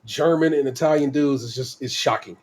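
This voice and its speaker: A man's voice: mid-range voice, a little fast. A man hosting a podcast in casual chat, laid-back and slangy, swearing freely and laughing often. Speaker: podcast host.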